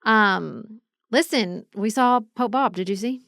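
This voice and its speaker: A woman's voice: mid-range voice, slow pace, creaky, a bit bright, no room sound, clean studio sound. A woman, co-hosting a podcast and chatting in a casual way, telling travel stories and acting out the people she met. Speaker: podcast co-host. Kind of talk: casual chat.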